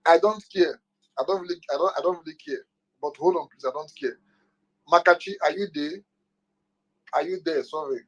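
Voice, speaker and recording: A Nigerian man hosting a casual live chat, lively and joking, slipping into pidgin. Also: a little high, a little fast, pauses often, dull audio. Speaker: host.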